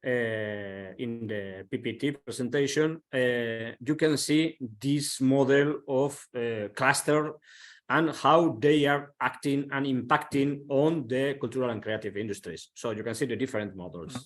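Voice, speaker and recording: A man speaking on a webinar panel over a video call, in halting, fragmented phrases. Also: medium pitch.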